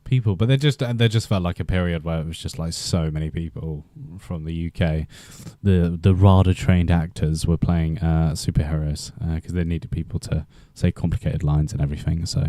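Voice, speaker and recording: A young man with a Welsh accent chats casually on his live stream. His voice is low and mellow, and it sounds dry and close, with no room echo. He rambles, trails off and restarts his sentences. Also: fairly even intonation, normal speed, few pauses. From Wales. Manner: rambling, chatty, many fillers and restarts. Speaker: livestream host.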